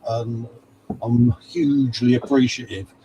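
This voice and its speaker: A man's voice: medium pitch, flat delivery, measured pace, mellow, dull audio, a little hiss or hum. Chatty man calling everyone mate. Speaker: livestream co-host. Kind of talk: casual chat reading out live comments.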